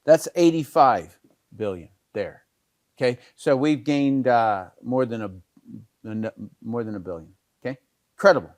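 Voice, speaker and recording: Middle-aged male trainer, casual anecdotal talk, dry close sound, mid pitch. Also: animated, a little slow, darkish tone, no echo. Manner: storytelling, many fillers and restarts. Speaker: network marketing trainer.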